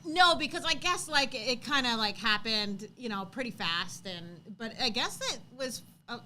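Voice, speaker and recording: A woman in her thirties co-hosting a livestream, chatting casually and telling an animated story, acting out quotes loudly. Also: on the high side, moderate pace. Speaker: co-host.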